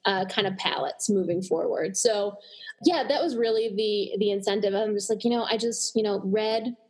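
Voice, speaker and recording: A woman guest on a podcast, joking in a deadpan way during casual chat. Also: mid-range voice, moderate pace. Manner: deadpan, jokey.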